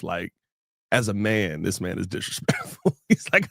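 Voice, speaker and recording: A man co-hosting a sports podcast in relaxed, joking casual banter. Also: lowish voice, moderate pace, vocal fry, dry recording, studio quality. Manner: laid-back, joking. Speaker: podcast co-host.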